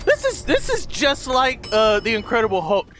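A young man doing comedic gameplay commentary, shouting mock-heroic boasts with goofy bravado. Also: very high-pitched, huge pitch swings, normal speed, noisy background. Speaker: gaming YouTuber.

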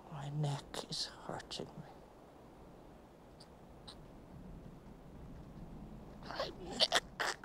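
An actress playing a stoic middle-aged woman, giving a slow, halting stage monologue with long pauses. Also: sits low, background noise.

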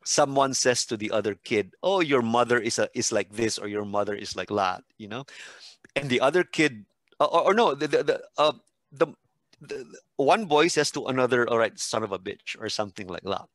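A man's voice: mid-range voice, a little fast, no room sound. A man telling classroom stories, dry close sound. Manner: animated storytelling with acted-out quotes. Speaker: podcast guest expert and teacher. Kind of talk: casual podcast conversation.

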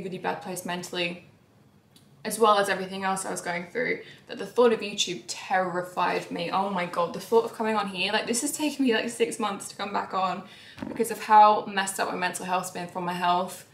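A young woman vlogging about her life in a candid, emotional way. Her voice swings between soft, sighing lines and sudden raised outbursts. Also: medium pitch, echoey room. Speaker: YouTuber. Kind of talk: confessional vlog talk.

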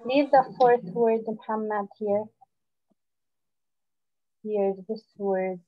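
A woman teaching a phonics lesson online, patient, full of praise, and repeating words slowly for her pupils. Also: mid-range voice. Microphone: video call. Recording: dull lo-fi online call audio.

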